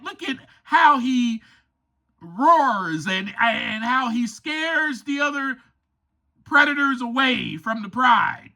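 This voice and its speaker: Man doing a young lion cub, cheerful, admiring, high voice, slow delivery. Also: gravelly, bright, forceful tone, full character voice. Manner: wide-eyed, admiring, exclaiming.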